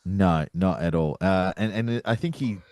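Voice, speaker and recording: A man co-hosting a casual podcast chat, who is animated and acts out quotes with sudden jumps in pitch. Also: unhurried, dry recording. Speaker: podcast co-host.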